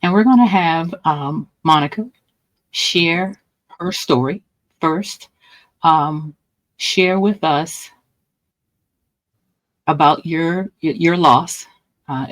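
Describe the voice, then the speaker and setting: A woman hosting a grief-support podcast, opening in a measured, gentle way. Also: low voice, rough recording. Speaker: podcast host.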